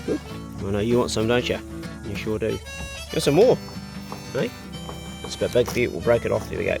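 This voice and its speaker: A middle-aged man chatting casually on his farm and talking to his dogs in a relaxed way. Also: fairly low pitch, a little fast, creaky, over music. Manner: laid-back, talks to his dogs. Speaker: vlogger. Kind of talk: casual chat. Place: farmhouse.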